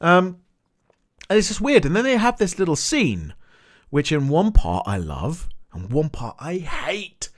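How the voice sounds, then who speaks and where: A young man rants through a TV episode recap, casual and animated. He swears freely and breaks into exasperated outbursts. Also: on the high side, measured pace. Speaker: TV recap vlogger.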